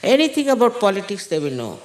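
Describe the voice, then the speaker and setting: A woman spiritual teacher giving an unhurried, halting spiritual talk to followers, with pauses and fillers. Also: mid-range voice, sing-song, a little mellow. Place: large indoor gathering hall. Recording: echoey hall recording.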